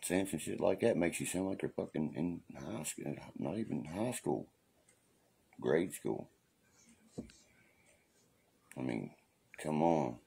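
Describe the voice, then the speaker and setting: A man's voice: a bass voice, animated, measured pace, gravelly, dark tone, breathy edge. A man hosting a casual livestream rant, profane, defiant and preachy, who keeps asking "you know what I mean". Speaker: livestream host.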